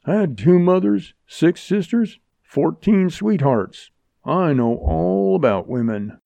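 A man voicing a quarrelsome bearded outlaw, blustering in a rough drawl. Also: fairly high pitch, big pitch swings, slow pace, warm tone, no room sound, voice pushed up, full character voice. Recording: dull lo-fi audiobook recording.

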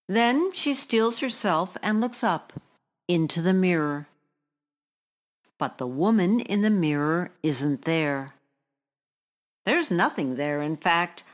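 A woman reading a short story aloud in a measured, hushed way. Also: fairly low pitch.

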